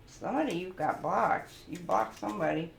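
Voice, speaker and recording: Gravelly-voiced woman giving a playful tarot reading. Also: lowish voice, a little fast. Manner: playful and goofy, reading card messages aloud. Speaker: tarot reader. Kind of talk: casual tarot card reading. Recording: roomy echo, faint background noise.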